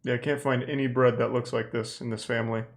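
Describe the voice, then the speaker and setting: A man's voice: mid-range voice, flat delivery, fast, gravelly. Sarcastic male streamer reacting. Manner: sarcastic, swearing, incredulous reactions. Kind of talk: casual livestream commentary.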